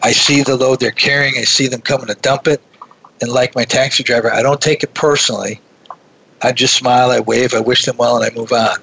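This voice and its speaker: A man telling a personal story in a relaxed conversation, animated and often restarting his sentences. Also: mid-range voice, fairly quick, gravelly, breathy edge, low-quality recording.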